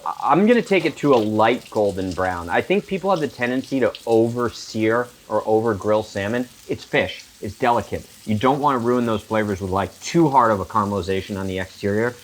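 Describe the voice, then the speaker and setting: A man's voice: lowish voice, animated, fairly quick, hardly any pauses, a little hiss or hum. A middle-aged man hosting a casual cooking demonstration, chatty and explaining each step with joking tangents. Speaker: chef and cooking show host.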